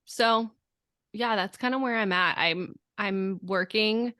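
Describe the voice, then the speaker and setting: Stuffy-nosed young woman, bright voice. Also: mid-range voice, slow, clear, resonant tone, dry recording, clean studio sound. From California. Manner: self-deprecating, rambling. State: nasal from a cold. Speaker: podcast co-host. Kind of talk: casual chat.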